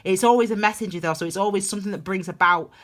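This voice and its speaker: A woman's voice: medium pitch, very fast. A woman giving a casual tarot reading, rambling and emphatic with lots of restarts. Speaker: tarot reader.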